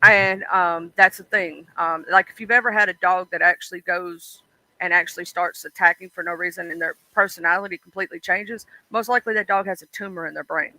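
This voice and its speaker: A man's voice: high-pitched, steady tone, a little fast, sharp tone, no room sound, poor audio. A man hosting a stream, chatting casually and rambling with lots of ums and "you know"s, laughing as he tells childhood stories. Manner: laughs and acts out childhood voices. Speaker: stream host. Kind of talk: casual chat.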